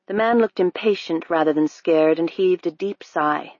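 Steady audiobook narrator, dry sound. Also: mid-range voice, normal speed, hardly any pauses, no echo. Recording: dry, dull lo-fi recording.

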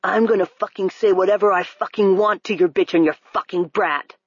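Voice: medium pitch, steady tone, brisk, breathy edge, dry recording. A narrator growling out a crude male street thug, all swagger and menace, cursing through every threat. The voice sits in a dry, slightly muffled audiobook recording. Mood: taunting. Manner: coarse, threatening, profane.

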